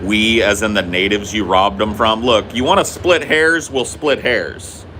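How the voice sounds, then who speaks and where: A man's voice: fairly low pitch, a little slow, pushed and bright, slight background noise. A man from the United States co-hosting a podcast, trading casual banter and ranting in a profane, teasing way. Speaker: podcast co-host.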